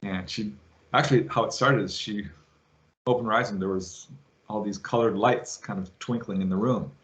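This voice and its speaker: A man guest on an interview show, retelling a witness's story with lively quoted voices. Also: on the low side, normal speed. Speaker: guest, UFO researcher.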